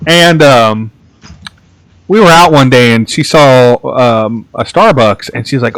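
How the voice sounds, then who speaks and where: A man telling rambling casual stories in a relaxed chat, full of restarts and fillers. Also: medium pitch, takes it slowly, clear, resonant tone. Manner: rambling storyteller, many restarts and "like"s. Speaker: podcast host.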